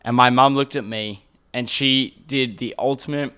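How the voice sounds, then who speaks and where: A man's voice: mid-range voice, fairly even intonation, normal speed, sharp tone, clean tone. A young Australian man telling a long comic story on his podcast, rambling, swearing often and acting out the people in it. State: throat irritated by smoke. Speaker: podcast host. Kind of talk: casual storytelling monologue.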